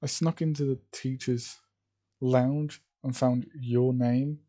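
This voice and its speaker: Man reading: determined young sister, insistent; slightly raised, mellow voice. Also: medium pitch, fairly even intonation, slow, lightly acted. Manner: insistent, pleading.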